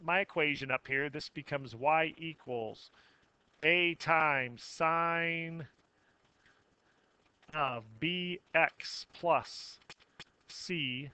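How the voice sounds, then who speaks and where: A man teaching a math software tutorial, narrating each click step by step with casual self-corrections. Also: a little high, very slow, long pauses, smooth, no echo. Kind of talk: screen-recorded software tutorial.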